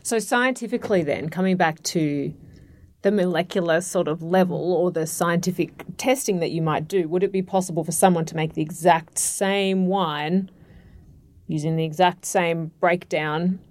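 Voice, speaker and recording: A woman interviewer with a slightly low voice. She asks her guest questions with easy, friendly curiosity, in a relaxed conversational tone. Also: moderate pace. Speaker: interviewer host. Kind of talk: casual interview.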